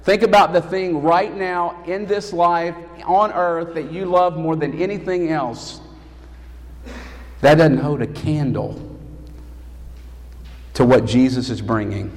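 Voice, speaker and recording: A man preaching a sermon as pastor, emphatic and rising to loud calls. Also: fairly high pitch, takes it slowly, long pauses. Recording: long hall reverb.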